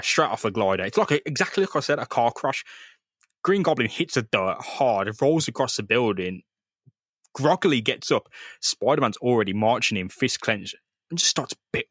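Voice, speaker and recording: A man's voice: medium pitch, moderate pace, dry recording. A man retelling a comic issue with lots of energy and plenty of swearing, often slipping into the characters' voices. His voice sits mid-range and sounds dry and close to the mic. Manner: animated, swears freely, acts out quotes. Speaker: podcast co-host. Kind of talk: casual comic-book recap chat.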